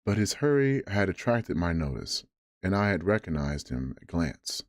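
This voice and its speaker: A man reading a classic adventure novel aloud as a bedtime story, measured with occasional stumbles over words. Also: low-pitched, sing-song, no echo, clean studio sound.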